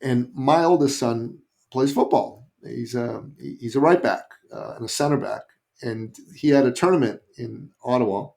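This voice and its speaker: Animated Canadian man telling a story. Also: medium pitch, moderate pace, vocal fry. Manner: animated, acts out quoted voices. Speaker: guest. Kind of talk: storytelling in a podcast interview.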